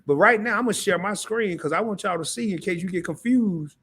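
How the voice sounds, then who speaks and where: A man with a slightly high voice hosts a casual live stream, speaking straight to his viewers. He is excitable and keeps repeating himself and starting his sentences over. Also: a little fast, breathy edge. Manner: excitable, talks straight to the chat; repeats himself, restarts often.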